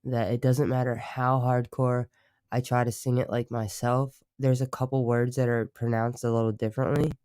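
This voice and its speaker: A man's voice: mid-range voice, level tone, moderate pace, a little mellow, clean tone, dry recording, clean studio sound. Rambling, swearing young man. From Baltimore, United States. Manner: rambling, swearing, many fillers. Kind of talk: casual livestream chat.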